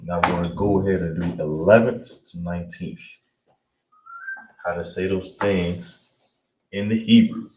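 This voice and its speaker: A man with a Chicago accent teaching an online language class, saying words slowly and repeating them, often checking that listeners understand. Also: low-pitched, steady tone. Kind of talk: online language lesson, livestream. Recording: roomy echo, distant mic, faint noise.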